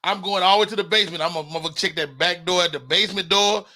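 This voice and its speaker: A male host leads a live comedy talk show with a high, sharply bright voice. He argues emphatically, swears freely and stammers into restarts when excited. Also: rapid-fire. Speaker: podcast host. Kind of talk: casual comedic debate.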